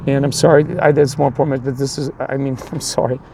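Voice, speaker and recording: A man's voice: medium pitch, flat delivery, fast talker, vocal fry, dark tone, slight background noise. A man coaching youth baseball tells a long story in a rambling way, restarting often and acting out the other people, then turns it into a sermon. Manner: repeats and restarts a lot, voices the other people in his story.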